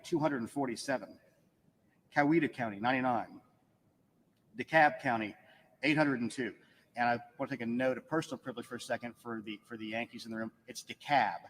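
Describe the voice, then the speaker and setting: A man, an election official giving a matter-of-fact press briefing and reading out figures with dry asides. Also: medium pitch. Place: press room. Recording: echoey hall with faint room ambience.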